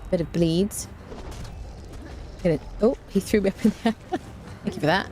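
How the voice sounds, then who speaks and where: A woman's voice: medium pitch, expressive, moderate pace, darkish tone, slight background noise. A woman streamer giving chatty, rambling live commentary while she plays a game, often saying "there you go.".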